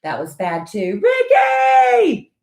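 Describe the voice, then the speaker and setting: A middle-aged woman with a Southern US accent and a deep voice co-hosts a casual live-stream chat, telling long stories at a moderate pace.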